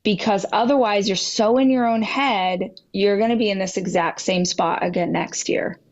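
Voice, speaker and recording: A woman guest on a podcast telling a personal story with animated delivery, acting out dialogue with big jumps in pitch. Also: moderate pace, lo-fi sound. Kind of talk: candid storytelling in a podcast interview.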